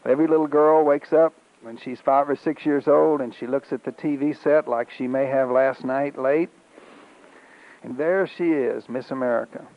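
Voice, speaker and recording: A man's voice: medium pitch, fairly even intonation, normal speed. Emphatic preacher man, lo-fi sermon. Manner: emphatic, repetitive cadence with throat-clearing. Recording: dull lo-fi recording.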